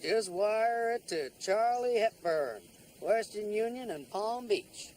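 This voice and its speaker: Folksy con man, wheedling, a touch high-pitched, TV drama. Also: animated, slow, darkish tone, a little hiss or hum. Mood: folksy charming. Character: smooth-talking male con artist, folksy and wheedling. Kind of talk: TV drama acting.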